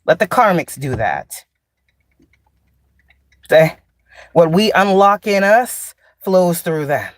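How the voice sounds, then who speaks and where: A woman's voice: on the low side, sing-song, slow pace, long pauses, no echo, clean studio sound. A woman spiritual teacher in a casual, blunt, profane monologue, laughing often and drawing out sarcastic asides.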